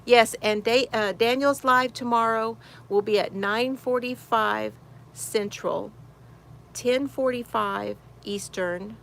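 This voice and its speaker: A woman's voice: a little high, takes it slowly, vocal fry, a bit bright. A woman hosting a casual crochet livestream from her she shed, greeting viewers by name, reading chat comments aloud and laughing often. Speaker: crochet channel host.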